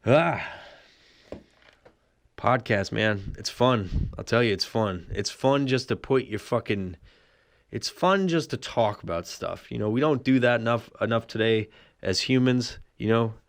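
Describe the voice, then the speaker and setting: A man's voice: medium pitch, a little slow. A man hosting a solo podcast, telling a rambling, profane comic story and laughing often. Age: adult with a son. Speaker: podcast host.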